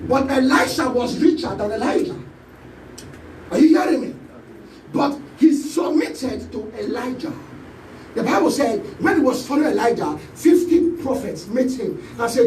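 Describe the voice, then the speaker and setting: Nigerian pastor, very high lively voice, preaching in a roomy hall, mic a little distant, faint ambience behind. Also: male voice, normal speed, slight background noise. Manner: preaching with sweeping pitch and shouted calls. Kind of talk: sermon. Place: church hall. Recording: echoey church hall, voice from off-mic.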